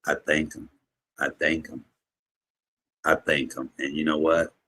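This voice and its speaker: A man hosting a livestream, giving an emotional, preacher-like testimony to his viewers, shifting from low murmurs to high exclamations. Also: little pitch movement, a little slow, bright, forceful tone, breathy edge. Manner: preacherly, call-and-response to viewers. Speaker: livestream host, comedian.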